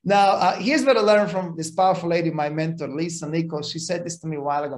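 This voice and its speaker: A man's voice: fairly high pitch, fast, hardly any pauses. A middle-aged man giving a live seminar talk in an expo hall, direct and jokey, often quizzing the audience. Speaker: business speaker.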